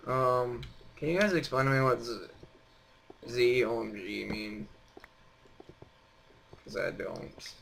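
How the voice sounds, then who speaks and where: Rambling gravelly teen guy. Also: mid-range voice, slow pace, long pauses, a bit bright, a little hiss or hum. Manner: rambling, teasing, many fillers. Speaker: host. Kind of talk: casual chat.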